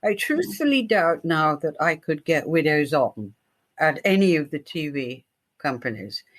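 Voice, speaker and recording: An older woman tells her stories as a guest in an interview. Her voice sits on the lower side, and she acts out the people in her anecdotes with real animation. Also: very animated, unhurried. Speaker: guest, TV crime writer. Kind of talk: storytelling in an interview.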